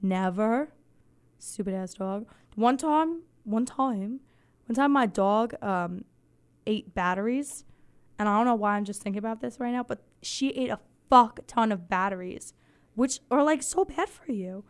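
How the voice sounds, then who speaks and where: Woman host losing her voice: soft, smooth and fairly high, rambling casual chat with deadpan swearing. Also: measured pace. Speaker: podcast host.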